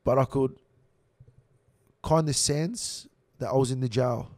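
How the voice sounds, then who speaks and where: A young Australian man telling a rough prison story in casual slang, swearing constantly. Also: mid-range voice, unhurried. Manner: swears heavily, animated slang-filled storytelling.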